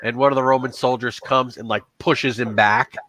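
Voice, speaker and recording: Man game master, bright tone, dry close sound, rambly narration. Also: mid-range voice, steady tone, moderate pace, no echo, poor audio. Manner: loose, filler-heavy storytelling.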